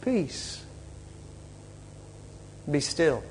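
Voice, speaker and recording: A preacher voicing a calm male teacher who speaks softly and quietly. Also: a little high, drawn-out words, pitched below the performer's own voice, full character voice, low-quality recording.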